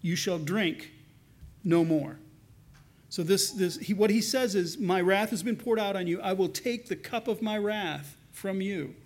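A pastor preaching a sermon in an earnest, conversational way, slowing down to read scripture with emphasis. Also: male voice, sits high.

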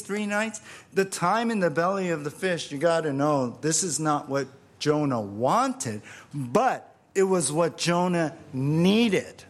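A man preaching a sermon in a fairly high voice, taking his time over each phrase. He is emphatic, circles back on key words and keeps asking his listeners rhetorical questions. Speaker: pastor.

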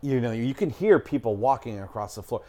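A middle-aged man spins a story in casual conversation, his mid-range voice brisk and dark in tone with lively intonation. He rambles and swears, packing his talk with fillers like "like" and "I'm talking."

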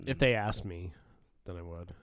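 A man's voice: low voice, normal speed, clear, resonant tone, no room sound, studio quality. A man co-hosting a podcast in casual chat, teasing with crude jokes and laughing often. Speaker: podcast co-host.

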